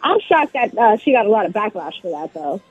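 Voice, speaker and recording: A woman's voice: medium pitch, big pitch swings, a little fast, husky, no room sound, soft background music. A woman sports reporter giving confident, analytical comments in a phone interview. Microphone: phone line. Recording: tinny phone line.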